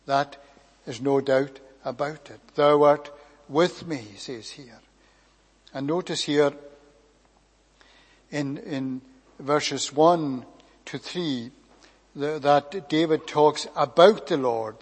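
A man preaching a sermon, measured and emphatic, drawing out key phrases and letting line endings fall quiet. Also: on the high side, husky. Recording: long hall reverb.

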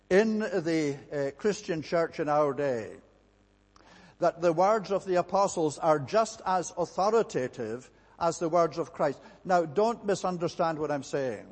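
A male preacher delivers a sermon in a slightly raised voice, measured and emphatic, with many small "uh" pauses. His words ring out with a long reverb, as though he is speaking in a large church. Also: fairly high pitch, animated.

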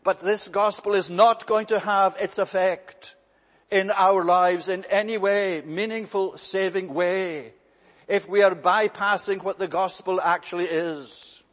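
Emphatic preacher in a reverberant hall. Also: male voice, sits high, fairly even intonation, a bit bright. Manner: measured, emphatic, repeats key phrases. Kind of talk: sermon.

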